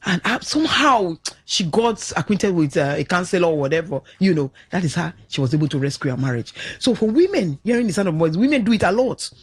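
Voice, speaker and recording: A middle-aged woman with a Nigerian accent, a radio guest on parenting, telling stories with lively shifts of voice in a studio talk show. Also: fairly low pitch, a little fast, few pauses, husky. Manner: animated storyteller, acts out quotes with shifts of voice.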